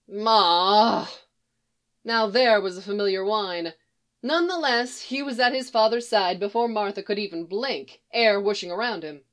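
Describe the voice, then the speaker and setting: Woman reading fiction aloud, expressive. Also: mid-range voice, normal speed. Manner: expressive, steady storytelling. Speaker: reader.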